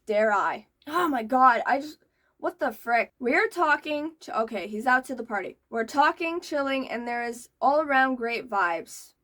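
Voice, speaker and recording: A young woman hosting a reaction video, reading posts aloud and breaking in with loud, exasperated outbursts. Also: on the high side, lively intonation, a little slow.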